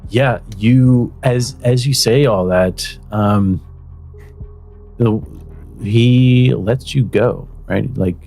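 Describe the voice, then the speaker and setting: A man's voice: medium pitch, very slow, vocal fry, mellow, soft background music. Easygoing male game master. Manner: loose, full of fillers like "you know" and "right?". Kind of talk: narrating a tabletop game.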